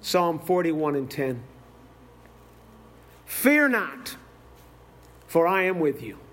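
A male preacher with a high-pitched voice delivers a sermon. He tells stories with heartfelt feeling and recites scripture from memory. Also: very animated, slow pace, fairly bright tone. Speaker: visiting preacher.

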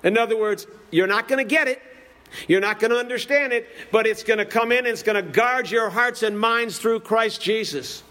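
A man's voice: high-pitched, moderate pace, sharp tone. A man preaching a sermon in a church, impassioned and repetitive, building to raised, emphatic lines.

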